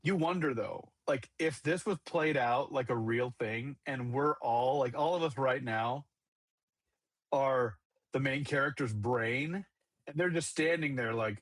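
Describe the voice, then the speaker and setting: A man's voice: mid-range voice, measured pace, no echo. A man co-hosting a casual podcast who jokes and laughs with his co-host. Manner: joking, laughs, drawls at times.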